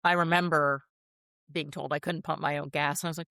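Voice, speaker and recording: A woman's voice: deep voice, fairly even intonation, fairly quick, vocal fry, pushed and bright, no echo, studio quality. A woman in her fifties chatting casually as a co-host, laughing often and telling stories with animation. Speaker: podcast co-host. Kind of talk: casual chat.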